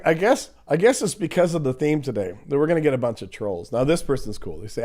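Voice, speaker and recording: A man's voice: mid-range voice, animated, quick pace, hardly any pauses, warm tone. A man hosting a casual livestream, reading viewer comments aloud and answering them in a blunt, profane, sarcastic way, often laughing at commenters.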